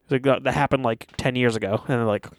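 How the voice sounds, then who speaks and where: Animated young man retelling a movie. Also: medium pitch, fast, no room sound. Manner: animated, swears often, acts out quotes. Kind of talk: casual chat, retelling a movie.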